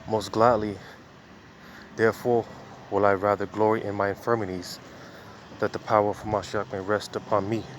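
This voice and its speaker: A man's voice: on the low side, flat delivery, normal speed, a little hiss or hum. A man preaching casually outdoors while walking, a little out of breath, in a loose conversational way full of fillers.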